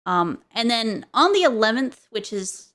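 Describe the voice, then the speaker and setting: A woman's voice: fairly high pitch, sing-song, a little slow, fairly bright tone. A woman streamer in casual chat, rambling with many fillers and frequent giggles.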